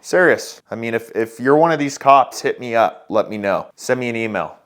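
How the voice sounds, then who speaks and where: A man's voice: medium pitch, expressive, normal speed, hardly any pauses. A man hosting a profane political commentary, blunt and mocking. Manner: blunt, swearing, mocking impressions. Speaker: host.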